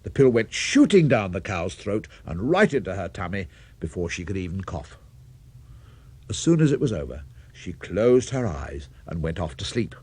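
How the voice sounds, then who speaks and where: A man's voice: low-pitched, sing-song, normal speed, a little mellow, a little hiss or hum. An older man telling a children's story, playful and speaking directly to young listeners.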